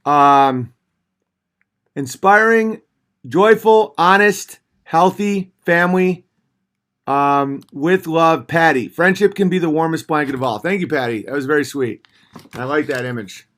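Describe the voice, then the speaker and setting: A man in his thirties hosting a casual livestream, reading viewer messages aloud and answering them sardonically, switching between mocking voices and low mutters. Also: measured pace, a bit bright.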